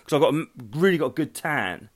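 A middle-aged man talks through a solo podcast while wandering around his house. He is hungover, hot and worn out, rambling and swearing as he mocks himself, and his pitch swings widely in a lively way. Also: quick pace. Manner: rambling, sweary, self-mocking. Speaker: podcast host. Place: at home, walking through rooms.

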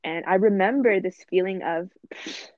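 A woman's voice: mid-range voice, fairly even intonation, unhurried, no room sound. A woman co-hosting a casual faith discussion, talking earnestly and reflectively and often quoting scripture. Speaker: podcast co-host. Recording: dry, tinny phone-like line.

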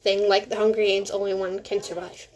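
A woman's voice: medium pitch, flat delivery, brisk, a little mellow. A teenage girl hosting a casual solo podcast from home, rambling, correcting herself and making sarcastic asides. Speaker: podcast host.

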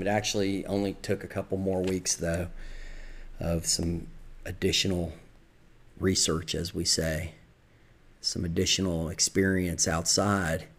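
Deep-voiced Southern American man. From Southern United States. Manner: reflective, confessional. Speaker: podcast storyteller. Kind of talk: personal recovery story.

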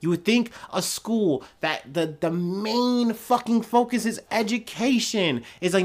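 A man's voice: high-pitched, big pitch swings, a little slow, hardly any pauses. A young man hosting a solo news podcast, ranting heatedly with frequent swearing. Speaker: podcast host. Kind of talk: casual solo commentary.

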